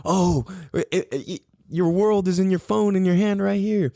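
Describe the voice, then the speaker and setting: A man's voice: sits high, moderate pace, gravelly, hardly any pauses, dark tone, dry recording, studio quality. A man hosting a solo podcast, rambling casually, swearing and often laughing. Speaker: podcast host.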